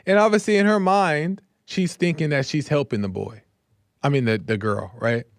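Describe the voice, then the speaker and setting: A man's voice: a little high, normal speed, no echo, clean studio sound. A man hosting a live show, casually retelling a true-crime case in a chatty way and checking in with "right?" after almost every point. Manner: conversational, keeps checking in with "right?". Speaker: host.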